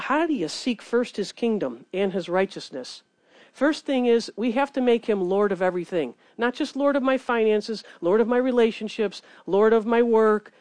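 A woman preaching a sermon in an earnest, animated way, reading scripture between her points. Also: fairly high pitch, no room sound.

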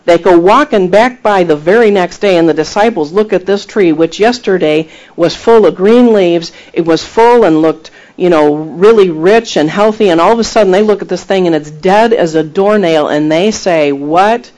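A man preaching a sermon, retelling scripture with emphatic, animated delivery and acted-out quotes. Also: high-pitched, moderate pace, hardly any pauses, low-quality recording. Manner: animated storytelling, acting out quoted voices; emphatic, rising to exhortation.

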